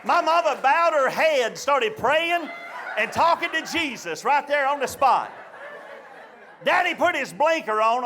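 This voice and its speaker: A man from the Chattanooga area with a Southern American accent, telling a childhood story in an animated, folksy stand-up style on a live comedy stage. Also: extremely high pitch, a little hiss or hum.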